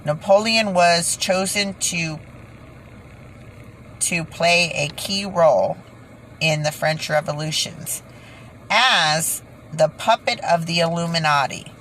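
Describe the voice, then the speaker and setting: A woman talking casually to her viewers while reading from her notes, halting often, correcting herself and laughing at her own slips. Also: on the low side, a bit bright, a little hiss or hum, rough recording. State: tired, head pounding. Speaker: video creator.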